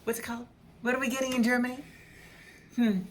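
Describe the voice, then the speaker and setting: A woman's voice: fairly high pitch, little pitch movement, fast talker, a little hiss or hum. A middle-aged woman giving a casual, upbeat vlog update from home. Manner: chatty, upbeat, cooing baby talk to a cat. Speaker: vlogger sharing her health journey. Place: home, indoors.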